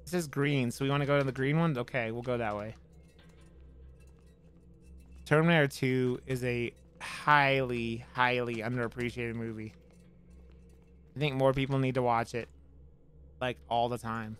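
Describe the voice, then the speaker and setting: A man's voice: mid-range voice, steady tone, moderate pace, fairly bright tone, clean tone, soft background music. A man streaming a horror game, joking with his chat and swearing as he plays. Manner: profane, joking, talks back to chat. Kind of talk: casual let's-play commentary.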